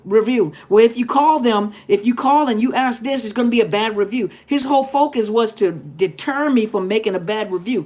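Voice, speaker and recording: A woman's voice: on the high side, a little fast, hardly any pauses, a little mellow. A middle-aged woman, a therapist hosting a live Q&A, talking casually and emphatically and repeating her points straight to viewers. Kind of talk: casual live-stream talk.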